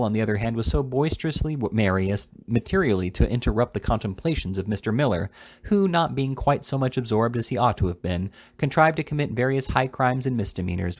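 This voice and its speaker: A man narrating a classic novel as an amateur audiobook reader, steady with small stumbles. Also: fairly low pitch.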